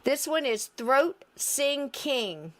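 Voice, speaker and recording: Chatty woman podcast host, kinda high voice, laughs a lot, super animated. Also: drawn-out words, very noisy. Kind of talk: casual chat about paranormal clips.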